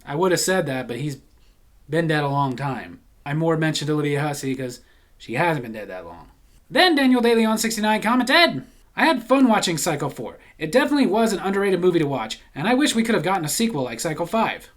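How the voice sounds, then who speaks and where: A man hosting a casual comment-reading show, answering viewer comments with deadpan jokes and dramatic readings. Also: a little high, a little fast. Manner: deadpan, jokey, reads comments aloud with dramatic flair; laughs at his own jokes.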